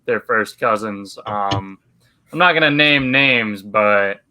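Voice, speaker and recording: A man's voice: fairly low pitch, slow, bright, forceful tone, clean tone, rough recording. A young man co-hosting a casual podcast, joking around and telling stories loosely. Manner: joking, slips into mock quotes. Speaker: podcast co-host. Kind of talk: casual chat.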